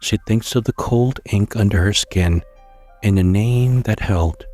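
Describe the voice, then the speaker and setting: A man narrating a scary story in a slow, hushed storytelling manner, with occasional stumbles. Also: fairly low pitch, faint music behind.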